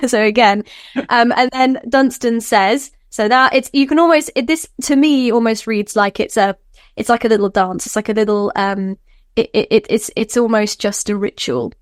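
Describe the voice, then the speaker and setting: A woman scholar, a podcast guest, explaining in an animated way, laughing often and acting out quotes. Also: a little high, normal speed, no echo, clean studio sound. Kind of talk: podcast interview.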